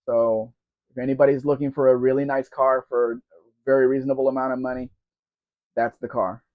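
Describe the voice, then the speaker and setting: A man's voice: mid-range voice, flat delivery, fairly quick. A man with a sore throat hosts a casual live-stream Q&A, reading viewer comments aloud and calling people by name. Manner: chatty and rambling, addressing viewers by name. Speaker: live Q&A host. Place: at home in a room. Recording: dull lo-fi stream audio.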